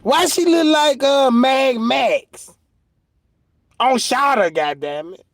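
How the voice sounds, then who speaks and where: A commentary streamer with a very high, expressive voice speaks slowly in studio-quality audio with no echo. He offers joking, mocking commentary in slang, bursting into laughter and putting on mock voices for his punchlines.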